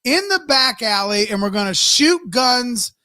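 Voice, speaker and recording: A man's voice: high-pitched, expressive, a little slow, pushed and bright, smooth, no room sound, clean studio sound. A man co-hosting a live podcast, teasing and swearing in casual banter. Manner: teasing, profane, laughing often. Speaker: podcast co-host.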